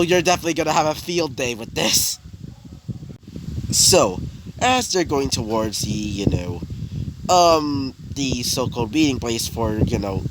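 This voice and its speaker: Brief: casual male storyteller, rambling and self-correcting, noisy recording with traffic behind. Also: mid-range voice. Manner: rambling, heavy fillers, frequent self-corrections.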